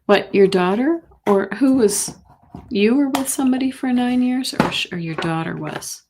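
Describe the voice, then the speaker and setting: A middle-aged woman hosting a live tarot reading stream, talking gently and sympathetically with many pauses and fillers. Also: fairly high pitch, noisy background. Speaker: intuitive reader, host.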